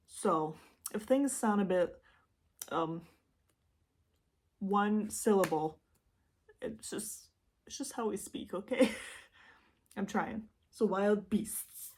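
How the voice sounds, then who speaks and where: A young woman with a Midwestern Michigan accent, telling a true-crime story in a chatty, rambling, self-deprecating way, with lively jumps in pitch for emphasis. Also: slow pace, long pauses. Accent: Midwestern American, Michigan. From Michigan, USA. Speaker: YouTube host.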